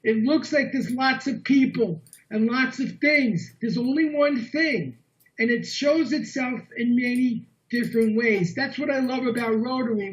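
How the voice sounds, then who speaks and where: High-voiced man telling a story. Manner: animated, earnest storytelling. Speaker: guest speaker. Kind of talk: storytelling talk. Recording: dull lo-fi online meeting audio.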